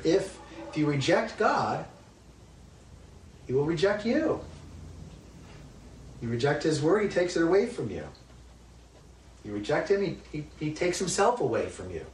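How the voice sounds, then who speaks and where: A man's voice: fairly high pitch, slight background noise. A man teaching a Bible study lesson in a conversational, emphatic way, often asking rhetorical questions. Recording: roomy, distant mic with faint ambience.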